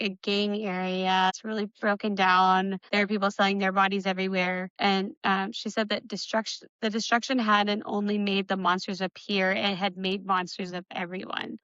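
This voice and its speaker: A woman co-hosting a book discussion podcast, chatty and quick to laugh, leaning on "like" as she talks. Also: mid-range voice, a bit bright, smooth, dry recording, lo-fi sound. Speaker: podcast co-host.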